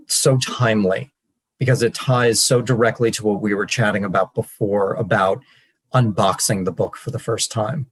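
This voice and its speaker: A man, a podcast guest and author, telling his story in an earnest, animated way. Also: on the low side, husky, rough recording. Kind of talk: storytelling interview.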